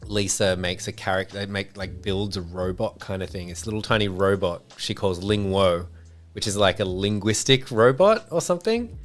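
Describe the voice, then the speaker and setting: A man's voice: low-pitched, moderate pace. A man hosting a design livestream, telling rambling stories with lots of fillers in casual chat. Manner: rambling storyteller, many fillers. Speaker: livestream host.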